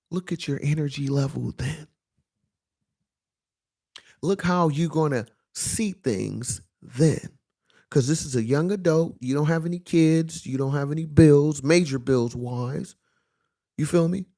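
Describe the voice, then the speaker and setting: A man's voice: on the high side, darkish tone. A young adult man, giving a casual motivational monologue and often checking in with "you feel me?". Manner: conversational, repeats "you know what I'm saying" and "you feel me". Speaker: motivational speaker.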